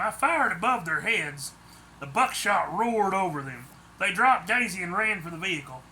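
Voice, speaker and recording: Male hobby narrator, very bright high voice, reads with slips, faint background hiss. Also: animated, normal speed. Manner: plain reading with restarts and slips. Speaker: audiobook narrator. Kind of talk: first-person story reading.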